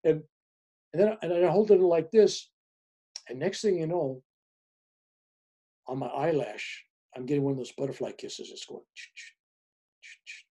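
A man in his seventies, a spiritual author appearing as a guest, who tells stories in an animated way and chuckles as he goes. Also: a little high, a little slow, long pauses, husky. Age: 70s. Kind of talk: casual storytelling.

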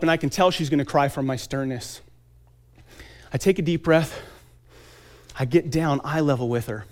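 A man in his thirties giving an earnest motivational talk at a conference, with dramatic pauses and emphatic lists. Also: a little high.

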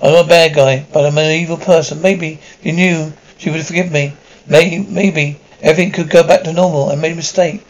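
A man's voice: on the high side, fairly even intonation, fairly quick, natural voice, low-quality recording. An actor in an audio drama playing a desperate man who pleads anxiously to be believed. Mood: pleading. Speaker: lead character.

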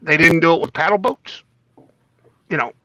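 A man co-hosting a loose, joking talk show, his voice still rough from the morning. His tone is bright and a little raised, and the sound is dry and close to the mic. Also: on the high side, moderate pace, no room sound, rough recording. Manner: joking, reads trivia aloud with stumbles. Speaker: podcast co-host. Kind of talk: casual chat.

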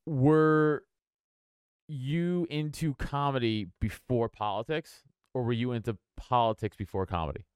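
A man's voice: mid-range voice, unhurried, smooth, no echo, studio quality. A man hosting a casual comedy podcast, swearing freely, laughing often and slipping into silly voices. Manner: crude, laughs often, breaks into funny put-on voices. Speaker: podcast host.

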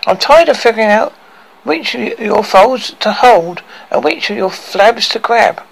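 A man reading a storybook aloud and voicing an indignant young woman who yells and complains in a high, shrill put-on voice. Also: lively intonation, unhurried, creaky, heavily acted, low-quality recording. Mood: exasperated. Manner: shrill yelling, exasperated complaining.

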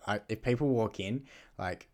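A man's voice: fairly low pitch, normal speed, a little mellow. A young man chatting as a podcast guest, laid-back and hesitant, swearing casually. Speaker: podcast guest, car salesman. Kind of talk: casual chat.

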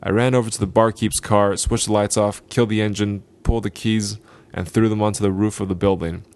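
Line by line, unhurried and deliberate, a man reads a gritty short story for his podcast. His voice stays fairly low and even throughout.

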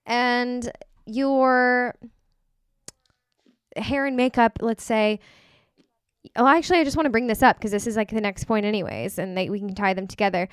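A young woman chatting on a podcast, her voice smooth and clean, the sound close and dry. She talks in an emphatic, chatty way, dropping "like" all through her sentences. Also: a little high, moderate pace, long pauses, no echo. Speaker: podcast co-host, wedding vendor. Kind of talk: casual chat.

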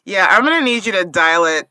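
Woman podcast co-host with a bright, dry close-mic voice who teases and laughs a lot. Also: lowish voice, lively intonation, moderate pace, no echo, low-quality recording. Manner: playful, teasing, laughs often. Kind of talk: casual chat.

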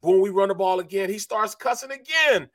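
A middle-aged man spins a lively sports-radio yarn, slipping into the voices of the people in his story. His voice sits a little high for a man. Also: a little fast, dry recording. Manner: animated storyteller, acts out quotes. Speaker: co-host, former NFL lineman.

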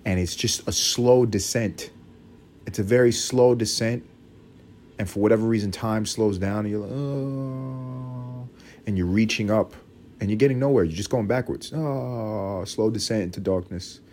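A young man hosting a solo comedic podcast, rambling and profane, now and then jumping into shrill mock voices. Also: steady tone, moderate pace, a little mellow, a little hiss or hum. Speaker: podcast host.

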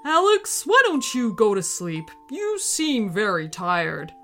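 A woman reading a gentle, caring dad. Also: mid-range voice, huge pitch swings, slow, faint music behind, exaggerated voice.

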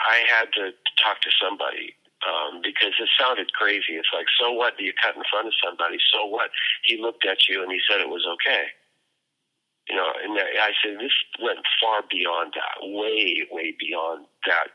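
Man, earnest storyteller, halting delivery, slightly low voice, muffled lo-fi audio. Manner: earnest, halting, with repeated restarts. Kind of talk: personal anecdote, told conversationally. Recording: dull lo-fi audio.

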